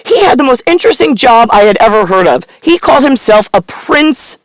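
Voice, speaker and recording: A woman's voice: a little high, big pitch swings, brisk, no echo, poor audio. Rambling, profane woman vlogger. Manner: rambling and profane, swinging into loud rants. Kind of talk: rambling personal monologue.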